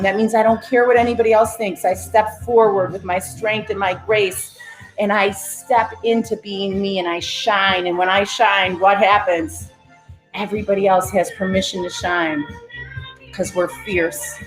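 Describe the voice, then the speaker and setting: A woman coaching a live guided breathing and affirmation session, calling out energetic cues and greeting viewers by name. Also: medium pitch, moderate pace. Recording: roomy echo, faint music behind.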